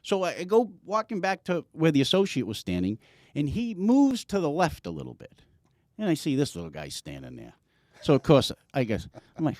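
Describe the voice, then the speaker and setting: A man's voice: on the high side, wildly swooping pitch, a little fast, a little mellow, no room sound, studio quality. A man hosting a casual sports podcast, swearing, telling stories and ribbing his guest. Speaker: podcast host.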